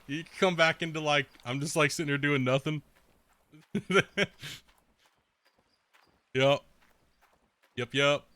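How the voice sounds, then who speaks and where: A brash young male game streamer with a bright, forceful voice pitched a little high for a man. He rambles through casual chat with plenty of filler words, swears freely, trash-talks and laughs often. The sound is dry and close. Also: steady tone, slow pace, long pauses, dry recording.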